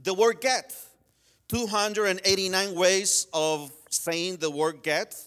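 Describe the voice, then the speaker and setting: A man who learned English as a second language, preaching in a church in a chatty style with many asides and slowed-down emphasis. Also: high voice, steady tone, a bit bright. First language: not English. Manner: conversational, frequent "you know" and restarts, slows down to stress key words. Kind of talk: sermon with humorous stories.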